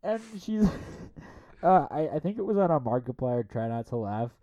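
Young adult man, casual co-host, mellow tone, animated storyteller who impersonates people. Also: moderate pace, muffled recording. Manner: animated storytelling, acts out quoted people in a high voice. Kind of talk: casual podcast chat.

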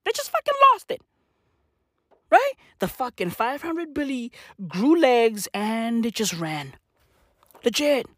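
Slow, animated woman ranting. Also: a little high, no room sound, clean studio sound. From South Africa. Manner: profane, repetitive ranting with slangy asides. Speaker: podcaster. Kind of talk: casual podcast rant.

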